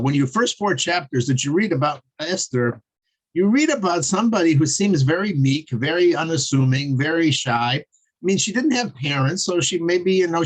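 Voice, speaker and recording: A man with a slightly high voice teaches a casual online Torah class over a video call. He's chatty and drifts into digressions, chuckling as he tells jokes.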